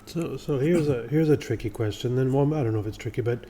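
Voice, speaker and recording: A man's voice: medium pitch, quick pace, dark tone. A man interviewing a guest, asking questions hesitantly with restarts. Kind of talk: casual conversation.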